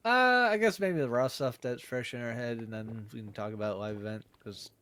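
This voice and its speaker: A man's voice: medium pitch, a little fast, pushed and bright, slight background noise. Laid-back man giving short replies. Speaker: podcast co-host. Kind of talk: casual wrestling chat.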